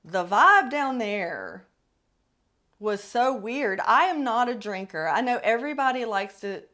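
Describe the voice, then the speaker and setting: Podcast host, woman, middle-aged; candid, wry storyteller, slow delivery with a high-ish voice. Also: expressive, bright, forceful tone. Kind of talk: personal storytelling.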